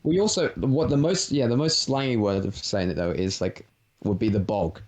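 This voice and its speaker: A man's voice: lowish voice, moderate pace, darkish tone. A man with an English accent in casual chat as a guest, laid-back, laughing often and swearing casually. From England.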